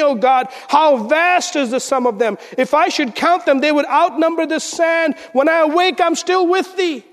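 A man preaching a sermon as pastor, swinging between loud emphasis and hushed, intense lines. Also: a little high. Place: church sanctuary. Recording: church sanctuary with long reverb.

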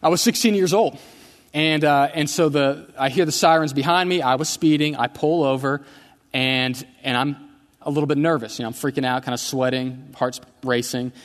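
A man's voice: mid-range voice, steady tone, moderate pace. A male pastor preaching a sermon in a church sanctuary, conversational and telling stories with humor. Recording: long church hall reverb.

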